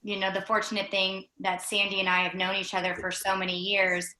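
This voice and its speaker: Upbeat lady co-host, bright voice, says like a lot, echoey room. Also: medium pitch, monotone, brisk. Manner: upbeat, filler-heavy ("like, you know"). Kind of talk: casual live-show chat.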